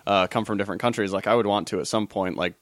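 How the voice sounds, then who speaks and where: Low-voiced man in rambling casual chat. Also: steady tone, fast talker, no room sound. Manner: swears freely, rambling with restarts.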